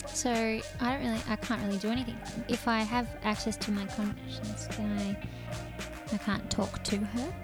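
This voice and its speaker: A woman's voice: medium pitch, level tone, normal speed, over music. A woman playing a tabletop game, talking plainly and asking questions. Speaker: player.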